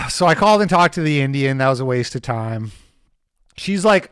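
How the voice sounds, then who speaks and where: A man's voice: on the high side, a little fast, clean tone, dry recording, studio quality. Swearing man telling a story. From Canada. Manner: animated, swears freely, self-deprecating. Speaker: streamer host. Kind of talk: casual rambling storytelling.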